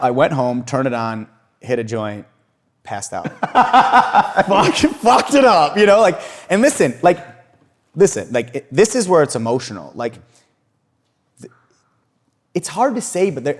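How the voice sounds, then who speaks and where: A man's voice: mid-range voice, measured pace, long pauses. A young man, a podcast guest, telling his story casually and with lots of profanity, laughing often and acting out what others said. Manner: animated, profane, laughs often, acts out quotes.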